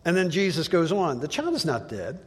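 Male pastor, relaxed conversational sermon, plainspoken storyteller, long hall reverb. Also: fairly high pitch, fairly quick, breathy edge.

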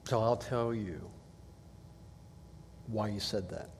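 A man's voice: lowish voice, slow, darkish tone, big-room sound, slight background noise. A man giving a conversational Bible teaching, reading passages aloud and asking rhetorical questions.

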